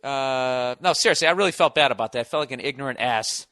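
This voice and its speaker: A man's voice: medium pitch, fast, sharp tone, no room sound. A man hosting a podcast, delivering a sarcastic, profane comedic rant. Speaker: podcast host.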